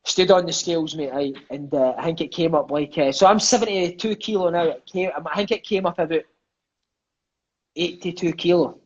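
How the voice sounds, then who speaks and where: A Scottish former footballer tells profane, animated stories from his career, dropping "mate" every few words. His voice sits high and sounds husky. It comes through a video call, so the audio is dull and lo-fi. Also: moderate pace. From Scotland. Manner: lively, profane, peppers speech with "mate". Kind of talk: storytelling interview chat.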